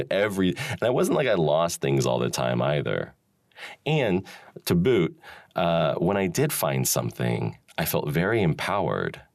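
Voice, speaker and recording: A man's voice: low-pitched, no echo, clean studio sound. A man hosting a solo talk, rambling and musing with frequent chuckles and restarts. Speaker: podcast host. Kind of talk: solo reflective monologue.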